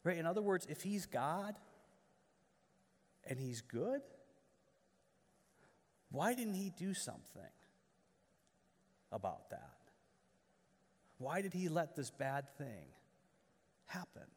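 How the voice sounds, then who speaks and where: A man's voice: on the high side, big pitch swings, slow, pauses often, a little mellow, in a large hall. A man preaching a sermon in earnest, asking rhetorical questions and often restarting his words. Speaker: pastor.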